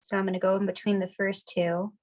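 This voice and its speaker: A young woman getting over a cold, teaching a relaxed, chatty, upbeat step-by-step decorating class. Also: mid-range voice, brisk. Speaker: craft class instructor. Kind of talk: casual step-by-step demonstration.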